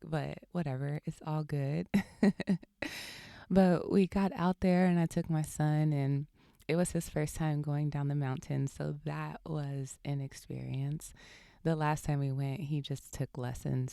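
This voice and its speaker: Podcast host: young woman, low husky-edged voice with some fry, warm and dry, chatty and giggly. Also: no room sound. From California. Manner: laughs often while telling a story. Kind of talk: casual storytelling.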